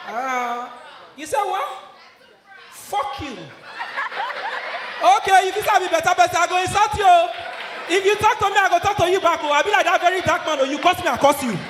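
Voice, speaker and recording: A man with a Nigerian accent doing live stand-up, loud and laughing as he works the crowd. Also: extremely high pitch, a little fast, pauses often, background noise. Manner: loud, laughing, mixes Nigerian Pidgin with English. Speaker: stand-up comedian. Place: live comedy venue. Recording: echoey live room, faint ambience.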